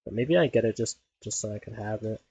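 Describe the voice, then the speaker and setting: Gravelly low-voiced man rambling casually. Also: fast, mellow, low-quality recording. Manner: rambling, heavy use of "like". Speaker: gaming video creator. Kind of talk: casual gameplay commentary.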